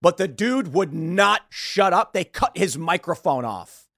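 A man's voice: high-pitched, unhurried, vocal fry, dry recording, studio quality. A man hosting a show, giving blunt, opinionated political commentary and mimicking the people he talks about. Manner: blunt, animated, mimics others mid-rant. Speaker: show host.

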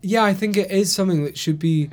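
Laid-back Glaswegian man, higher voice. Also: fast talker. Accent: Glasgow Scottish, mellowed. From Scotland, Glasgow. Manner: animated storyteller, swears freely, laughs often. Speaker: podcast co-host. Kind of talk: casual chat.

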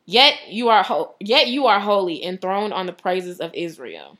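Chatty bright-voiced woman. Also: mid-range voice, normal speed, hardly any pauses. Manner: chatty, animated, laughs often, heavy use of "like". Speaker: devotional speaker. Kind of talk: casual devotional talk.

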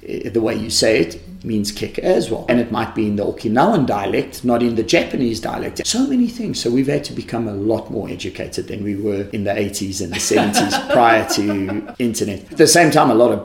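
A man, a karate instructor in a podcast interview, telling animated stories that he acts out. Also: on the low side, brisk, gravelly, few pauses. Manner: animated storyteller who acts out quotes and laughs often. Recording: echoey room.

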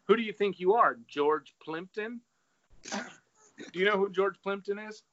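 Relaxed man retelling an essay, lo-fi. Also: high voice, unhurried. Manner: relaxed, reads quoted passages aloud. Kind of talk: casual chat, retelling an essay. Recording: dull lo-fi recording.

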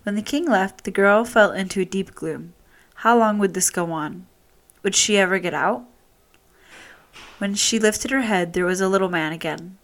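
A woman's voice: medium pitch, moderate pace, fairly bright tone. Woman reading a fairy tale aloud. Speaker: storyteller.

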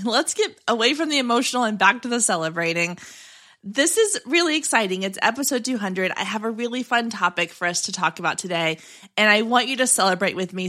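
A woman's voice: mid-range voice, bright, forceful tone. A woman, hosting her own podcast in an upbeat, chatty way, often restarting and saying "like". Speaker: podcast host. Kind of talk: solo podcast episode.

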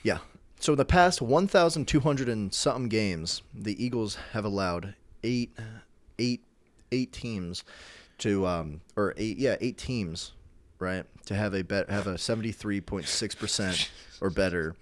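A man's voice: fairly low pitch, measured pace, no echo. A young man co-hosting a podcast in casual chat, rambling with many restarts and fillers. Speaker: podcast co-host.

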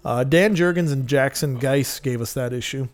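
A man's voice: mid-range voice, moderate pace, no room sound. Chatty man, dry close sound. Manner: rambling, enthusiastic storytelling with many fillers. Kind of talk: casual chat.

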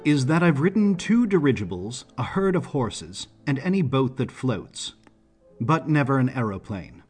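Brief: man reading as a wry young woman adventurer, husky, lightly raised pitch, storybook. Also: very animated, moderate pace, darkish tone, soft background music. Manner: dry, wry and self-assured.

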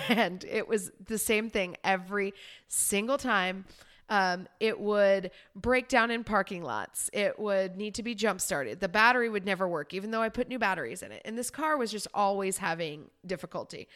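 A woman's voice: mid-range voice, bright, forceful tone, clear, resonant tone. A woman podcast host and life coach telling a personal story in a candid, emotional, conversational way.

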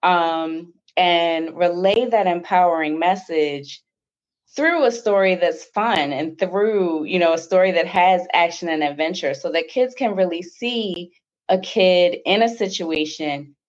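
A woman author speaking in a measured, earnest way. Her voice sits fairly low. The sound is dull and lo-fi, like a remote call. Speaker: children's book author. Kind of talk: interview answers. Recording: dull lo-fi line.

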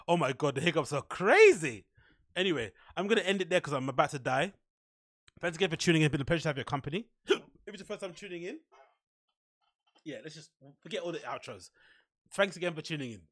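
A man's voice: on the high side, animated, fast talker, fairly bright tone, no echo, clean studio sound. A man hosting a solo podcast, reading posts aloud and mocking them sarcastically while fighting hiccups. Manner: sarcastic, mocking, laughing at what he reads. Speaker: podcast host.

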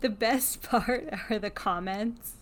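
A woman's voice: fairly high pitch, slow, very noisy. A woman co-hosting a podcast, chatting in an upbeat, easy-going way. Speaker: podcast co-host. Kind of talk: casual chat.

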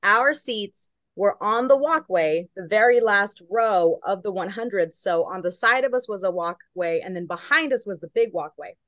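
A woman's voice: mid-range voice, a bit bright, no echo. A woman from Long Beach, California, a guest correspondent who tells a story in casual chat and acts out each quote.

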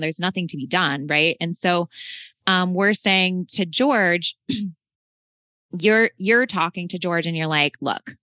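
A woman's voice: on the low side, bright, forceful tone, no room sound. A woman host rambling through a long story in casual chat, full of fillers and laughter.

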